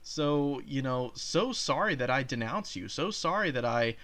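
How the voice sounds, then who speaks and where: A man's voice: mid-range voice, animated, a little slow, a bit bright. A man hosting a reaction video, talking casually, swearing and defiant. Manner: profane, sarcastic, defiant. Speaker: YouTube host.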